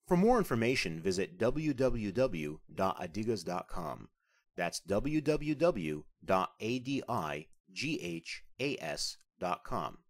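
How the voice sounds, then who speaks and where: Male language instructor, scripted lesson narration, animated rising-and-falling delivery, careful articulation. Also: on the low side. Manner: careful, deliberate, spells out sounds slowly.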